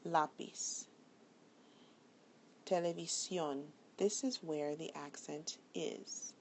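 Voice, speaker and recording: Gravelly-voiced woman teaching a lesson. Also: darkish tone. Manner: slow and explanatory, repeating example words. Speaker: Spanish teacher. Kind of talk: classroom lecture. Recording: faint background noise and low rumble.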